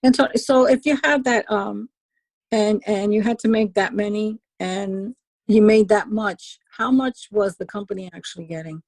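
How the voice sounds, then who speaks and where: A woman's voice: medium pitch, moderate pace, a little mellow, no room sound. Woman with a New York accent. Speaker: class participant. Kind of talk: casual question to the teacher.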